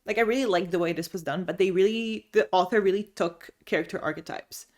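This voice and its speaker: A woman's voice: medium pitch, a little fast, darkish tone. A young woman reviewing her monthly reading in a casual vlog, gushing and chatty, often restarting her sentences. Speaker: book vlogger. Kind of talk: casual book review chat. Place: home room lit by sun.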